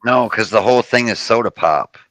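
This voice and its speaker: A man's voice: fairly low pitch, fairly quick, a bit bright, no echo, rough recording. A man from Florida, a guest in a casual chat, rambling and restarting his sentences as he talks.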